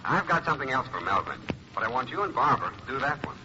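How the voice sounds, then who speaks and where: A man speaks briskly and matter-of-factly, his pitch lively. He sounds off in a reverberant space on a dull, hissy 1941 radio broadcast. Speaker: show producer on the phone. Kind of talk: scripted radio comedy.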